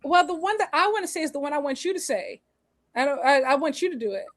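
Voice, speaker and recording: A woman co-hosting a long charity livestream, talking in an excitable, loose, casual way. Her voice sits high, and the sound is dry with no room around it. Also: no echo. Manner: chatty, excitable, quick to laugh. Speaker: stream host. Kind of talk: casual chat.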